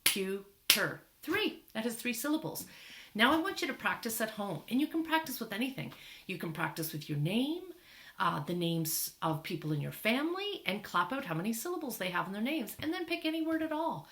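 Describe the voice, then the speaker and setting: A woman's voice: mid-range voice, sing-song, brisk. A woman teacher reading a picture book aloud to children, talking in an encouraging way and marveling at what she shows. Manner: warm, encouraging, marvels often. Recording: echoey room.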